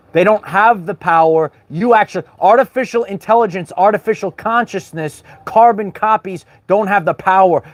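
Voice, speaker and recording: High-voiced man preaching to a live chat. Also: no room sound. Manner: preachy, repetitive, addresses chat viewers by name. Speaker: livestream host. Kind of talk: spiritual livestream talk to chat.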